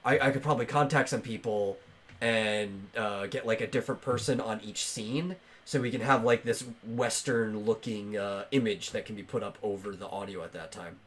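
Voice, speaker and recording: A man with a fairly low voice hosts a casual podcast, chatting loosely. He rambles, restarting his sentences and filling pauses as he goes. He speaks into a home microphone on an online call. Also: a bit bright. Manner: rambling, lots of fillers and restarts. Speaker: podcast host.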